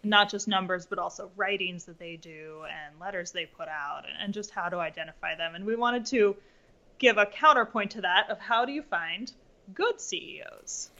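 A woman co-hosting a casual investing podcast, her voice bright and forceful. She is eager and quick to jump in with her own take. The recording sounds dull and lo-fi. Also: medium pitch. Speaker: podcast co-host.

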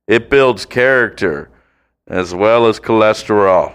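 Male podcast co-host, low and clean voice, crude joker. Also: fairly bright tone. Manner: joking, crude, drawn-out bits with high-pitched laughs. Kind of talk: crude casual chat. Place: home.

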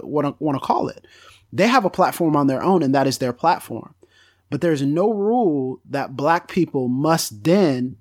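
A man's voice: a little high, no echo, clean studio sound. Direct, candid man in theological talk. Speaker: podcast co-host. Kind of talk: theological discussion.

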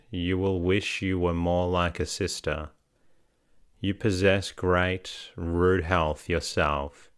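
A man reading the lines of a sickly, peevish young woman in a storybook, complaining and sharp-tempered. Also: deep voice, clear, resonant tone, no echo, clean studio sound.

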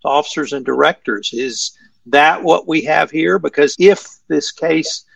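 A man with a Texan accent hosting a podcast roundtable, putting measured questions to his guests. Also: on the high side, gravelly, a bit bright, no room sound, distant mic. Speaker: podcast host.

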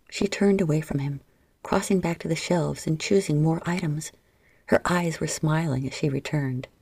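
A woman narrating an erotic story in a soft, half-whispered delivery close to the mic. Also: low voice, creaky, slightly rough, dry recording.

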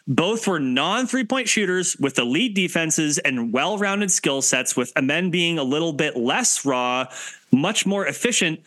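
A man co-hosting a sports podcast in casual chat, animated and talkative, often cutting in. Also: on the high side, no room sound. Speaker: podcast co-host and team site writer.

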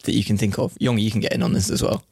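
A man's voice: lowish voice, fairly even intonation, vocal fry, a little mellow, slightly rough, dry recording, clean studio sound. A man hosting a newsroom podcast, chatting casually and joking with his colleagues. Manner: quick, joking banter. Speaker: podcast host.

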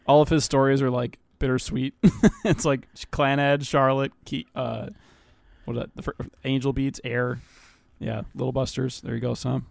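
A man co-hosting a casual chat about anime, relaxed and joking. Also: medium pitch, normal speed, vocal fry, no echo. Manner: relaxed, joking, reads summaries aloud. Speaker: podcast co-host.

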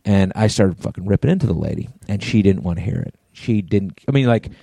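Low, dark-voiced man ranting. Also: a little fast, creaky, breathy edge, dry recording. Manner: animated, profane storytelling. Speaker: podcast co-host. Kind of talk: casual chat.

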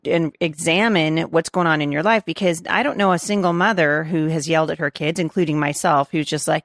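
A woman's voice: mid-range voice, lively intonation, brisk, few pauses, no echo, clean studio sound. A woman hosting an interview, asking long rambling questions full of fillers. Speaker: interview host. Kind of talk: conversational interview.

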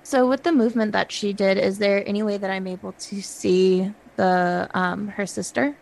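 Gravelly-voiced woman playing a tabletop game. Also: mid-range voice, fairly even intonation, normal speed, a little mellow. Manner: questioning, hesitant. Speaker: player. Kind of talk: casual game table chat.

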